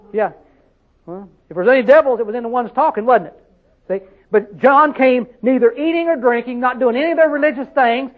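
High-voiced preacher, tinny sound. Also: male voice. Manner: folksy, rhetorical questions, dialect grammar. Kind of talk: sermon. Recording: tinny phone-like audio.

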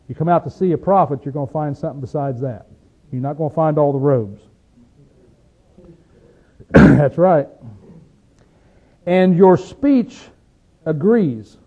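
A man with a Southern hillbilly accent preaches in a plain, folksy way, tossing out rhetorical questions and slowing down to read scripture. His voice sits a little high for a man. The recording is thin and tinny, like a phone line. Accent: Southern American hillbilly. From Appalachian region, USA. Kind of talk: sermon.

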